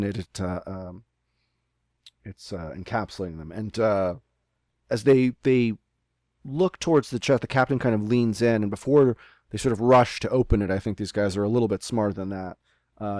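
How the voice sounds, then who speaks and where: Game master man, halting and filler-heavy. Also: on the low side, a little mellow, no room sound, studio quality. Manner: rambling with many fillers and restarts. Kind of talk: narrating a tabletop game. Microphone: remote call microphone.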